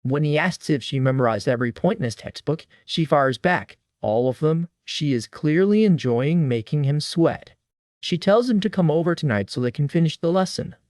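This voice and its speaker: Dry, slightly high male narrator. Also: darkish tone, no room sound. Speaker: recap narrator. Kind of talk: scripted narration.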